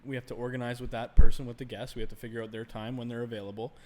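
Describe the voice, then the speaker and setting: A man co-hosting a podcast, agreeing readily and trading quick replies in casual chat. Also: medium pitch, little pitch movement, dark tone. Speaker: podcast co-host.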